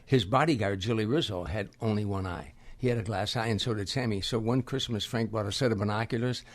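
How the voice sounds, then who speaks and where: An older man, a comedian from the Midwest, telling lively anecdotes in an interview and acting out the people he quotes. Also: lowish voice, fast talker. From Harvey, Illinois. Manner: animated anecdotes, acts out quoted voices. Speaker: guest comedian. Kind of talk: storytelling in a podcast interview.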